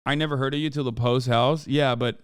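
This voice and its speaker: A man's voice: medium pitch, steady tone, brisk, clear, resonant tone, dry recording, studio quality. A man in his thirties reacting to a video on his live stream, rambling casually with many restarts and casual swearing.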